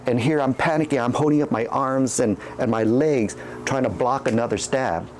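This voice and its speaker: A man's voice: medium pitch, normal speed, a little hiss or hum. A man casually telling a candid personal story, rambling and restarting his sentences. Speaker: channel host.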